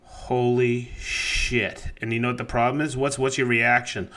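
A man telling a near-miss woodworking story on a podcast in a lively, profane, laughing manner. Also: mid-range voice, fast talker.

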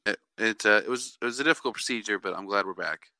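A man co-hosting a podcast in casual chat, joking and laid-back, often filling pauses with "uh". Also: fairly low pitch, pushed and bright, dry recording. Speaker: podcast co-host.

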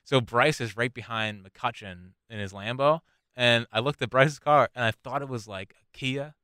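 Young man, bright and smooth voice, dry close sound, casual rambling storytelling. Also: medium pitch, normal speed, no echo. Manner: rambling, restarts, laughs often. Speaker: podcast co-host.

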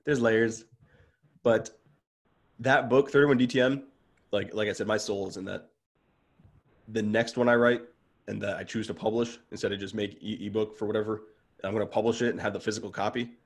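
Earnest, excitable man talking openly. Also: on the low side, fairly quick. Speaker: podcast guest. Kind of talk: casual conversational interview.

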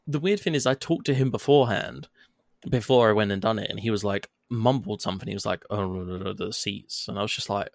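A man with a lowish voice talking casually on a podcast, swearing freely as he retells events with lively energy. The recording is close and dry. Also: fast talker, dry recording. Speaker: podcast co-host. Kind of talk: casual chat.

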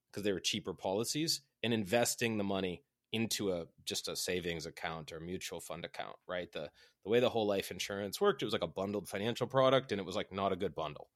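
A man's voice: a bit bright, dry recording, clean studio sound. A man chatting casually as a podcast host, rambling with many fillers like "right?" and "like". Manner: acts out quoted voices with big pitch jumps. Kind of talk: casual chat.

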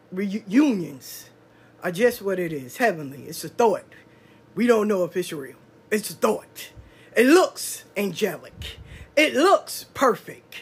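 A woman who reads cards, telling stories in a loud, animated, profane monologue. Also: a little high, husky. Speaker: spiritual card reader. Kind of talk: casual storytelling monologue.

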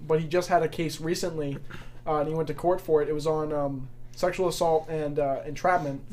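A man's voice: a little high, fairly even intonation, brisk, darkish tone, slight background noise. A young man hosting a casual podcast chat, rambling loosely with fillers and laughs. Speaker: podcast host.

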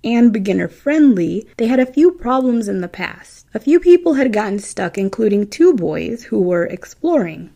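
A woman's voice: mid-range voice, creaky, mellow. A woman with a Midwestern American accent, telling a creepy true story in a chatty, casual way with frequent asides and laughs. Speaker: true-story podcast host.

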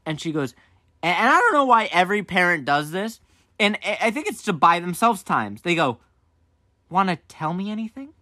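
Bright-voiced man telling a story. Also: fairly quick, no room sound, clean studio sound. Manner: animated, acts out quoted voices with big pitch jumps. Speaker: podcast co-host. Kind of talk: casual storytelling chat.

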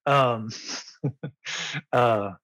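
A man's voice: mid-range voice, extremely slow, a bit bright, no room sound, low-quality recording. A man in his forties, a musician being interviewed, talking in a rambling, enthusiastic way. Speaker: musician guest. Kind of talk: casual interview.

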